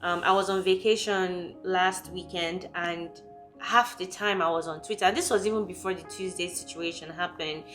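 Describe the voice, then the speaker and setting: A young woman from Nigeria, talking candidly and emotionally in a personal vlog, quick and full of fillers. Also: on the low side, steady tone, a bit bright, faint music behind. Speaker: vlogger.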